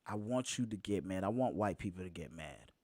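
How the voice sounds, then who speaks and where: A man hosting a live talk show, speaking casually, often laughing and repeating phrases for emphasis, slowing down to stress points. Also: sits low, animated, a little mellow, no echo. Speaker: show host.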